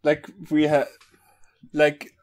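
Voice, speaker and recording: A man riffing on a fanfic with friends, talking in slow, puzzled questions that trail off. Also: on the high side, completely flat delivery. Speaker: fanfic riff co-host. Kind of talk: casual riffing chat.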